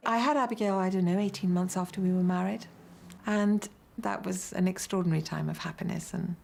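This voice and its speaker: A woman's voice: fairly low pitch, fairly even intonation, brisk, gravelly, darkish tone. An older woman in a documentary interview, candidly and animatedly remembering her late husband. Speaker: interviewee, widow.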